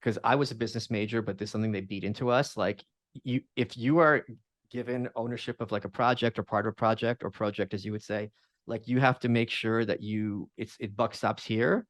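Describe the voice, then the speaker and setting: A man's voice: lowish voice, fairly even intonation, dry recording. Emphatic man in dry casual chat. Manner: emphatic, quick asides and restarts. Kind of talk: casual conversation.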